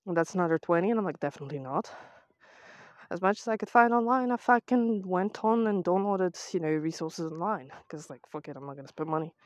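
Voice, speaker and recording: British woman, lowish voice, casual sweary rant, sarcastic, dry phone memo. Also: lively intonation, fairly quick, no echo. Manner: ranting, heavy swearing, sarcastic. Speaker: vlogger. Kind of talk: casual voice-memo chat while walking. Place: outdoors on a walk to the seaside.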